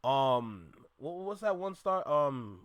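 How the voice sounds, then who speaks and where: A man hosts a reaction video and lectures with emphatic, preachy energy. His voice sits fairly high for a man. The sound is dry and close, with little room echo. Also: big pitch swings, slow. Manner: emphatic, preachy, addresses listeners as y'all. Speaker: reaction channel host. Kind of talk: reaction commentary.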